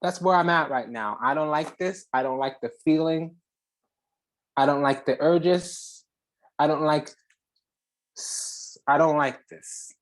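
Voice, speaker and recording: A medium-pitched voice belongs to a spiritual channel host doing a heated reading full of profanity. Loud declarations give way to hushed asides, and dramatic pauses break up the flow.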